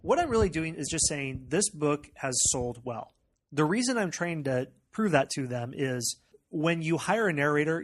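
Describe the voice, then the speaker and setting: A man with a General American accent explains steps in a casual screencast tutorial. He talks in a relaxed way, often saying "uh" and "okay" as he moves through each step. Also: a little high. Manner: conversational and explanatory, with frequent "uh" and "okay". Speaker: tutorial presenter.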